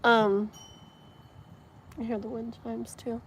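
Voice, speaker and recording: Speaking slowly in a slightly rough, fairly high voice that barely moves in pitch, a woman hosts a tarot livestream outside amid wind and traffic. She reads out viewer comments in a casual, gushing manner full of fillers.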